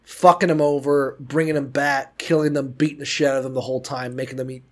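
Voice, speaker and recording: A man co-hosting a podcast in casual chat, swearing freely and rambling with animated emphasis. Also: mid-range voice, fast talker. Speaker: podcast co-host.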